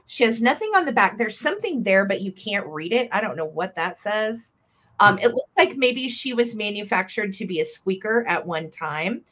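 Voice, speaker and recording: A woman's voice: mid-range voice, lively intonation, moderate pace, a bit bright. A woman hosting a live vintage sale, chatty and gushing as she describes each item. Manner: chatty and gushing, fond little words. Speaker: host selling vintage items live.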